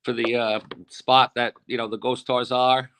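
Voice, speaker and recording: Male guest, mid-pitched, easygoing and unhurried, casual interview talk. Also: creaky, slight background noise. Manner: relaxed, hesitant with fillers. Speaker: guest, bar owner.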